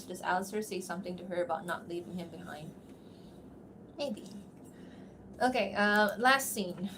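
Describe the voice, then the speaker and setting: A woman's voice: medium pitch, slight background noise. A young woman chatting casually on a livestream as a voice actor, laughing often and reacting to the comments. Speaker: voice actor streamer. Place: at home, seated.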